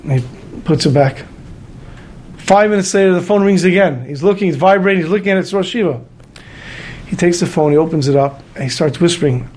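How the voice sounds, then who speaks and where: High-voiced man telling a moral story. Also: quick pace, slight background noise. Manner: animated, shifts into character voices. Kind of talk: storytelling sermon.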